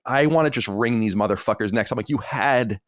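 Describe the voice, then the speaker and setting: Man, podcast host, fast talker, blunt and profane, dry close mic. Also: on the low side, dry recording. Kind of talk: casual podcast chat.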